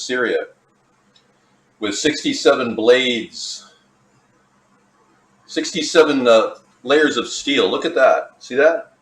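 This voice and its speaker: A man's voice: mid-range voice, a bit bright. A man demonstrating a recipe in his home kitchen, talking casually, joking and drifting off topic as he goes. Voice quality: rambling and jokey, drifts off topic. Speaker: home cooking vlogger.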